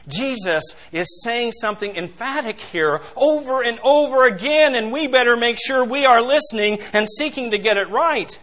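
High, bright-voiced pastor preaching emphatically. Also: male voice, lively intonation, moderate pace. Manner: emphatic, swings between loud and hushed; addresses congregation as beloved, asks questions. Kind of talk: sermon.

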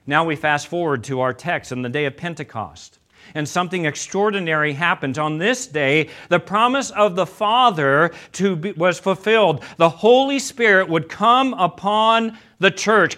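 A man with a high, bright voice delivers a sermon. He retells scripture as a story and drops his voice for quoted lines. The delivery is lively and expressive. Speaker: preacher.

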